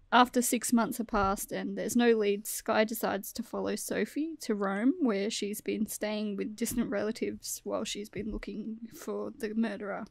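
Woman host, gravelly voice, dry close sound, retelling a plot. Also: mid-range voice, dry recording. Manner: laughing, storyteller. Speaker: podcast host.

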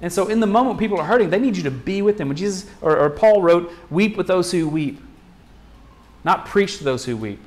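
This man is a pastor giving a sermon in a relaxed, conversational manner, with a voice pitched a bit above the typical male range and a darkish tone. His intonation is lively, and he keeps turning to rhetorical questions and quick restarts.

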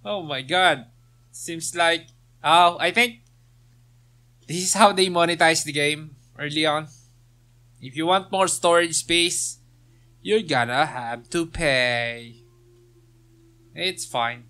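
Man, slow easygoing delivery, bright voice, gameplay commentary, reads quest text, jokes and laughs. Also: on the high side. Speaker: let's play gamer.

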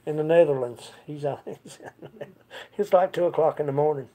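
Unhurried, high-pitched male host, folksy and quick to laugh, chatting live over guitar. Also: mellow. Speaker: host of a live music stream. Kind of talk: casual chat with viewers between songs. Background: his own acoustic guitar.

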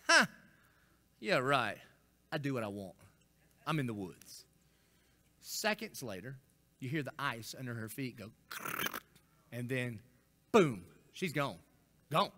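A middle-aged man, preaching a folksy, animated storytelling sermon as a senior pastor. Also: high voice. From Florida. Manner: folksy, animated storytelling with acted-out quotes and rising intensity.

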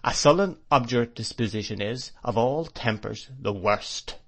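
A man's voice: mid-range voice, normal speed, a bit bright. A man voicing a grave, domineering stepfather who speaks sternly.

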